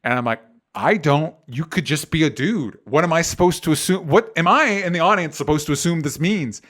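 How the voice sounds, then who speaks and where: A man's voice: fairly high pitch, brisk, fairly bright tone. A man co-hosting a casual chat show, ranting animatedly with exasperation and swearing. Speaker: podcast co-host.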